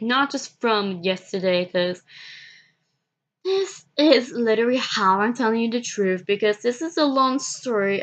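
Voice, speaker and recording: A woman vlogging, telling a personal story in a halting, repetitive way and often restarting her sentences. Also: on the high side, a bit bright, dull audio.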